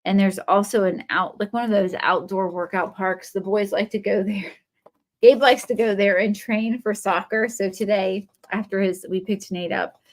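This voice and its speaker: A woman chats on a live craft stream. She paints and rambles through family stories, stopping to greet viewers by name. Her pitch sits in the middle range for a woman. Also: moderate pace. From Ohio. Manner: rambling, animated storytelling, talks to viewers by name while painting. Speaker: craft livestream host.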